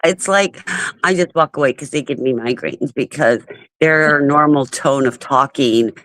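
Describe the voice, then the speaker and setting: A woman's voice: rumbling low, unhurried, fairly bright tone, no echo. Chatty woman in her fifties. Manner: chatty, laughs often. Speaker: live stream host. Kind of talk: casual chat.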